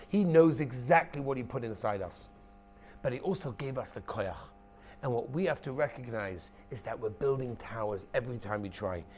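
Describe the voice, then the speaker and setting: A rabbi giving a lively Torah lecture, emphatic, repeating his key phrases and acting out stories. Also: medium pitch, a little hiss or hum.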